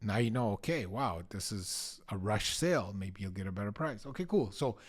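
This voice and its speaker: A man's voice: lowish voice, lively intonation, moderate pace. A middle-aged man coaching real estate agents, talking to the camera in a punchy, emphatic way and acting out short bits of dialogue. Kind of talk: energetic coaching talk to the camera.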